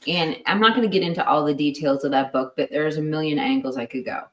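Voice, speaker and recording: A woman's voice: sits low, a bit bright. A woman hosting a true crime livestream, chatting casually and steering the talk. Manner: quick to laugh, steers talk back on topic. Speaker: true crime channel host. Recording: echoey room, voice far from mic.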